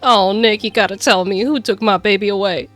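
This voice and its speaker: A woman's voice: medium pitch, fairly quick, fairly bright tone, faint music behind, close to an everyday voice. A woman voicing a melodramatic young man from a game in a put-on country accent, wailing in despair. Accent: put-on Southern US country. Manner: wailing, over-the-top despair.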